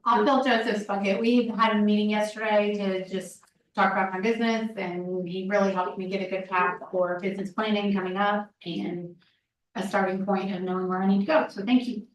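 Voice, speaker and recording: A woman's voice: medium pitch, steady tone, brisk, slight background noise. Sincere woman in an echoey room. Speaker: team member. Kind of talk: casual thank-you. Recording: echoey room, distant mic.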